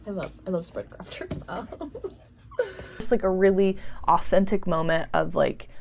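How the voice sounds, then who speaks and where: Chatty woman with a low voice. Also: steady tone, moderate pace, vocal fry, a little mellow, slight background noise. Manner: chatty, laughs often, many fillers. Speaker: tarot shop owner and vlogger. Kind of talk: casual chat.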